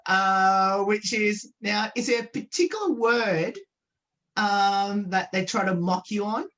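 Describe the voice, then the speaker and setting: A woman's voice: mid-range voice, takes it slowly, fairly bright tone, dull audio. A woman radio host interviewing a guest over a video call, reading her questions with many "um" and "uh" fillers. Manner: reads questions, hesitant fillers. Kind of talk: remote interview.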